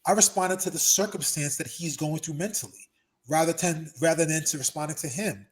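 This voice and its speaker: Guy hosting a chill podcast, kinda high voice, jumps into loud voices for people in his stories. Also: brisk. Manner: animated storyteller, acts out quotes loudly. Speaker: podcast host. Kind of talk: casual chat. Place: Los Angeles.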